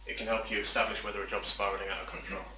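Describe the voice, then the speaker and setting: A man's voice: lowish voice, little pitch movement, rapid-fire, bright, forceful tone, slight background noise. A man giving a chatty, self-deprecating talk at a meetup, full of rambling asides. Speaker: conference speaker. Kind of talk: presentation talk. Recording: echoey room from far off.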